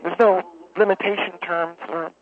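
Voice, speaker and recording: A man's voice: high-pitched, pitched above the performer's own voice. A man putting on a droning, pompous homeowners president. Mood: smug. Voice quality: monotone droning. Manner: halting, full of uh and restarts. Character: pompous self-important male homeowners association president. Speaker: caller. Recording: tinny phone line.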